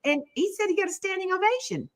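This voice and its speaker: A middle-aged woman hosting a relaxed conversation, her voice rising and falling widely as she tells stories. She now and then slips into a snatch of sung melody, then drops back to plain chat. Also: very high voice, fast. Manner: animated storyteller, breaks into bits of song. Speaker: talk show host. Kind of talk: casual chat.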